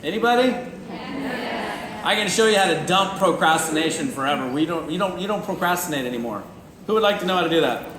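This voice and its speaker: A man from the United States giving a joking, animated motivational talk to a live audience, acting out little scenes. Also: on the high side, quick pace, background noise. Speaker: motivational speaker. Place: event hall with audience. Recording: roomy hall recording.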